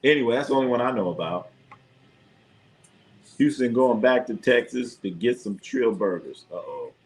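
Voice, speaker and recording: A man hosting a casual sports livestream, reacting to the chat in a jokey, animated way. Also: mid-range voice, normal speed. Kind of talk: casual live chat commentary.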